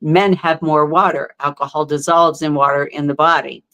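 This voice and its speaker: A middle-aged woman telling her own story as a podcast guest, heartfelt and halting, with many fillers and restarts. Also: sits low, fairly even intonation, fairly bright tone. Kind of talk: candid interview storytelling.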